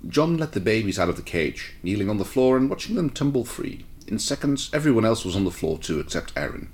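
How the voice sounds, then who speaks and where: A man reading a fan fiction story aloud in a relaxed way, with short asides to his co-reader. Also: fairly low pitch, brisk. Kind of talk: casual read-aloud narration.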